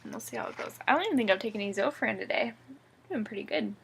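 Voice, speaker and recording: Young woman vlogger, groggy and drowsy, gravelly voice, chatty and rambling, casual video diary. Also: fairly high pitch, animated, rapid-fire, a little hiss or hum. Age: young adult. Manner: rambling, chatty, giggly, soft-spoken. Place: at home, sitting up in bed.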